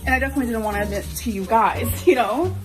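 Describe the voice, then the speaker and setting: Rapid-fire and fairly high-pitched, a young woman rambles to camera as she cooks in her home kitchen, peppering her loose, casual vlog talk with "like." She's a little out of breath, and the recording carries kitchen echo plus background music.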